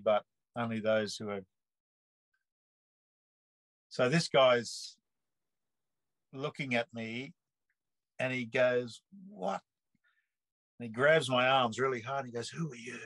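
A man's voice: mid-range voice, no room sound, rough recording. Australian man telling his story. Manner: lively storyteller who acts out the people he quotes. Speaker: interviewee. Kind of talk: personal testimony storytelling.

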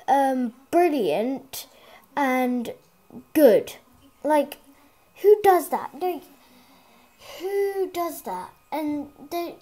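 A child gaming vlogger chatting casually on a headset mic at home, rambling with lots of ums and restarts. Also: sits high. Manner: excitable, chatty. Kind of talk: casual gaming vlog chat.

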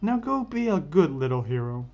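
A man's voice: on the high side, very animated, normal speed, vocal fry, darkish tone. A man voicing a scheming male villain scientist with mocking, politely menacing speech. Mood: smug. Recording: dull lo-fi with faint music.

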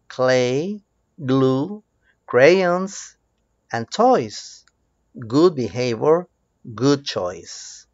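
Slow, lively Spanish-accented male teacher. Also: medium pitch, vocal fry, no room sound. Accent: Mexican Spanish. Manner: slow, drawn-out drills with lively rising prompts. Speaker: English teacher. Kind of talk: bilingual children's English lesson. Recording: dull lo-fi sound.

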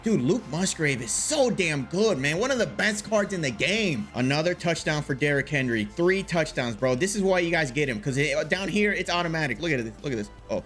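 Animated man doing excited gameplay commentary. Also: fairly high pitch, a little fast, hardly any pauses, soft background music. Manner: animated, swings from muttering to loud outbursts, casual slang. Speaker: gaming YouTuber.

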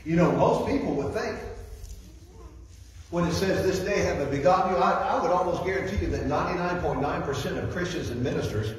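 A man's voice: high-pitched, animated, fairly quick. Echoey preacher man from afar. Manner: repeats key phrases and reads scripture aloud. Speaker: guest preacher. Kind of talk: sermon. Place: church sanctuary. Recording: echoey hall, voice from far off.

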